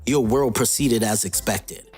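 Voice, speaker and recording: A man reading a comic aloud, giving the lines of a calm, wise male avatar of death in his own husky voice. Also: fairly low pitch, unhurried, faint music behind.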